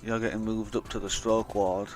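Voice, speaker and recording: A man's voice: on the low side, level tone, normal speed, darkish tone, faint music behind. A young man telling a rambling, blunt, sweary story in a casual vlog. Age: young adult. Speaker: vlogger.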